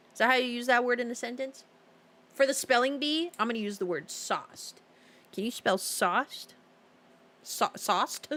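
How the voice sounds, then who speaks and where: Bright, giggly young woman streaming a game. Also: medium pitch. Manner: chatty, giggly, easily sidetracked, reads chat aloud. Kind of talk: casual live-stream chat while playing.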